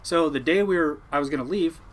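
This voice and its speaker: A young man from Oregon with a slightly high voice speaks briskly, with a little background noise. As a fishing boat captain telling a rambling tale in casual conversation, he gets animated and acts out what others said.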